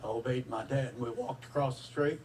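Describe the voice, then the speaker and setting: Male preacher, earnest, halting delivery, recorded from a distance with faint background noise. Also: medium pitch, darkish tone. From Texas. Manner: earnest, emotional storytelling with halting fillers. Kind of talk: sermon testimony.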